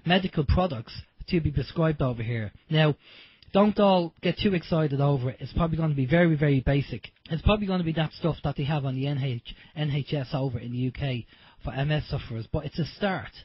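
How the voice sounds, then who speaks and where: A man's voice: on the high side, fairly quick, slightly rough, no room sound, muffled recording. An Irish man hosting an internet radio show, chatty and rambling with lots of fillers. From Ireland. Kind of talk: casual radio talk.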